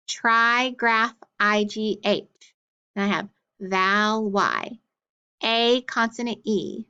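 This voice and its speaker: Phonics teacher, female, very slow and deliberate delivery, slightly muffled lo-fi sound. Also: medium pitch, a bit bright. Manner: clear, drawn-out sounding-out of letters and sounds.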